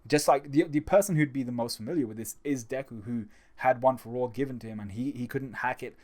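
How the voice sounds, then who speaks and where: Male host of a manga review video. Chatty and excitable, restarts a lot. Mid-range voice. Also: medium pitch, fairly quick. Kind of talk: casual manga chapter review.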